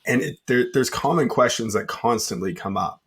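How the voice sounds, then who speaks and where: A man's voice: medium pitch, moderate pace, fairly bright tone, slight background noise. A man co-hosting a podcast in an easygoing way, laughing readily. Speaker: podcast co-host. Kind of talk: casual podcast chat.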